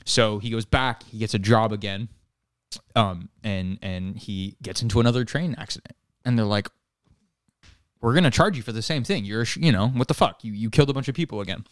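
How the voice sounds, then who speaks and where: A man's voice: on the low side, fairly quick, no echo, studio quality. A man co-hosting a casual podcast, telling a long, rambling joke, swearing casually and laughing at his own story. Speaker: podcast co-host.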